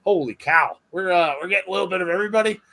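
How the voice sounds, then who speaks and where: Excitable male wrestling podcast co-host. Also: high-pitched, racing, vocal fry. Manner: exclaims and reacts loudly; reads out listener comments. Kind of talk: casual chat.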